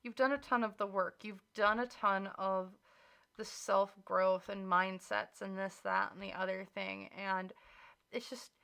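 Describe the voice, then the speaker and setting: A tarot reader with a mid-range voice talks a little slowly, her intonation fairly even and her bright, forceful tone smooth despite some vocal fry. Her reading is casual and chatty, packed with filler "likes," emphatic reassurance, and earnest encouragement.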